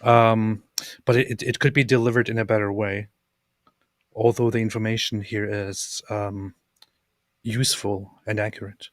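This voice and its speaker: A man's voice: on the low side, flat delivery, moderate pace, dry recording, studio quality. A man in casual conversation, speaking hesitantly with many fillers and repeated words. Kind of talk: casual chat.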